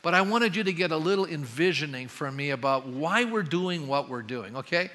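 A man preaching a sermon as pastor, animated and reading scripture dialogue with emphasis. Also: fairly high pitch, brisk. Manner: animated, acts out the dialogue he reads with rising emphasis. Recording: long hall reverb.

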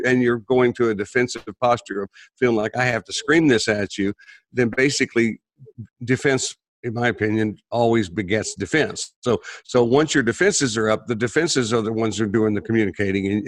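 A man's voice: mid-range voice, dry recording. A man co-hosting a casual conversation, rambling with frequent restarts and repeated words. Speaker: therapist podcast co-host.

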